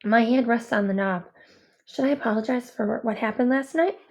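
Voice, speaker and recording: Woman narrator for a first-person audiobook, fairly high voice, quiet and measured, inward reading.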